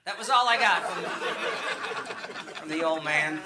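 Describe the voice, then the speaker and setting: A man's voice: high-pitched, a little fast, pushed and bright. A middle-aged man from Long Island performing a stand-up comedy set on a club stage, rambling loosely with fillers and restarts. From Long Island, New York.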